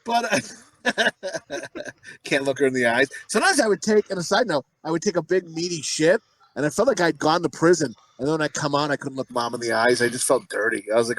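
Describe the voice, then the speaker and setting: A man co-hosting a podcast, riffing crude jokes in rapid banter and acting out quoted voices. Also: a little high, expressive, fairly bright tone, low-quality recording. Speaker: podcast co-host.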